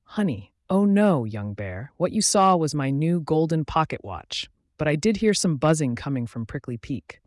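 A man's voice: fairly high pitch, very animated, normal speed, hardly any pauses, no room sound. A drowsy, kindly owl from a bedtime storybook, as a man puts him on. The sound is close and dry. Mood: sleepy. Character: sleepy old male owl.

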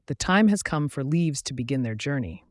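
A man voicing a wise, kindly old owl in a bedtime story, speaking softly and reassuringly. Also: mid-range voice, lively intonation, moderate pace, no room sound, studio quality, lightly acted. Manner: soft, reassuring.

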